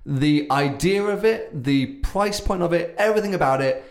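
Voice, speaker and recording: A man's voice: on the high side, normal speed. A man co-hosting a podcast, trading opinionated, teasing remarks about cars. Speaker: podcast co-host. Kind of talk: casual car chat.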